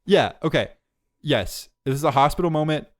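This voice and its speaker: A man's voice: on the high side, animated. A playful young man trades jokes with a friend as podcast co-host. He keeps the tone loose and laughs easily. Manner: joking, playful, quick to laugh. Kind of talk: casual chat between friends.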